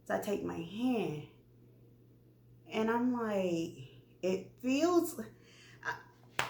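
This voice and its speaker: A woman's voice: medium pitch, drawn-out words, creaky. Chatty woman vlogger in an echoey room. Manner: animated, chatty, addresses viewers directly. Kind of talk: candid personal storytelling.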